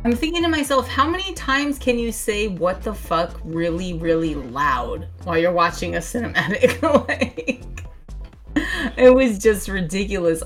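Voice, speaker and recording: Woman gushing in casual podcast chat. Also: on the high side. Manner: enthusiastic, gushing, filler-heavy. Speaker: podcast co-host.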